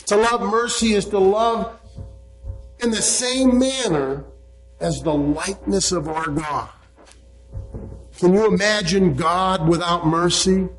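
A man delivers a sermon in a high voice, taking his time over each phrase. He leans on key words with emphatic weight and cites chapter and verse as he goes. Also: poor audio. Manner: slow, emphatic preaching, quoting scripture references. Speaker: preacher.

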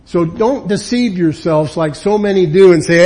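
A man's voice: high-pitched, normal speed. A man preaching a sermon, emphatic, acting out the people he quotes. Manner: emphatic, acts out quoted people with lively swings. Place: church or meeting room.

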